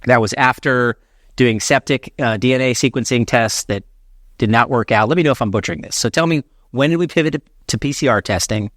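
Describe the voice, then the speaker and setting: A man hosting a health podcast interview, speaking in an energetic announcer-style voice while gesturing with his hands. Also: mid-range voice, a little fast, dry recording, clean studio sound. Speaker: podcast host.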